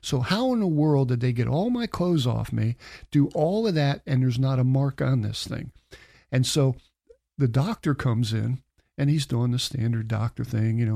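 In a casual interview, a middle-aged guest animatedly shares a personal story, acting out the dialogue he quotes. He speaks at normal speed with a creaky, medium-pitched voice.

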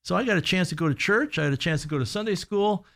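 A middle-aged man, a guest consultant on a radio talk show, telling workplace stories in an earnest, halting way with many restarts and fillers. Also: high-pitched, lively intonation, vocal fry, fairly bright tone. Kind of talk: casual radio storytelling.

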